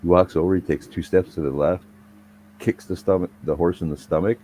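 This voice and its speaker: A man's voice: deep voice, fairly even intonation, a little fast, mellow, a little hiss or hum, low-quality recording. A young man casually telling a rambling, profanity-laced story in conversation. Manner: profane, rambling anecdotal delivery.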